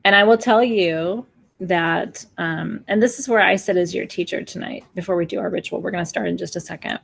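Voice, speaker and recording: A woman's voice: on the low side, fairly even intonation, brisk, vocal fry, breathy edge. A woman in her forties, a spiritual teacher giving an earnest, emotional new moon talk to her audience, pleading with them, sometimes acting out gasps and sighs. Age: 40s.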